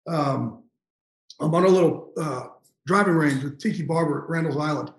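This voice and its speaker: A man's voice: on the high side, normal speed, roomy sound, poor audio. A man in his fifties, a guest on an interview show, telling an emotional story with intense, profane energy and getting choked up. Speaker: guest, NFL insider.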